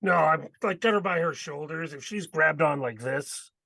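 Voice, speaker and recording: A man's voice: on the high side, moderate pace, creaky, sharp tone, no echo. A man playing a tabletop role-playing game, eagerly describing his character's actions. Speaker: player. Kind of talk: casual tabletop role-play.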